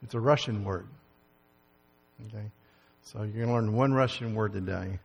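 Folksy pastor in a reverberant church. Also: male voice, lowish voice, moderate pace, gravelly, breathy edge. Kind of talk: church announcements and sermon opening. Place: church sanctuary. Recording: long hall reverb.

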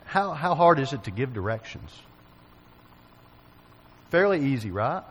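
A man's voice: medium pitch, very animated, unhurried, husky, low-quality recording. A man preaching a sermon, telling a folksy personal story and asking his listeners questions.

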